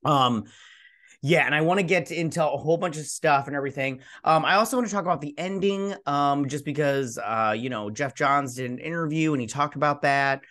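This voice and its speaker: A man's voice: on the high side, a little fast. A young man hosting his own channel, recapping and reviewing a TV episode in a rambling, casual way with lots of ums and likes. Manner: rambling, filler-heavy, animated retelling. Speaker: YouTube show host.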